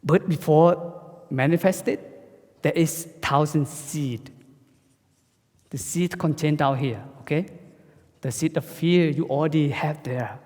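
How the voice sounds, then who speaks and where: Male Buddhist monk; soft, halting dharma talk in a hall with long reverb. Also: on the high side. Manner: halting, simple English with frequent restarts.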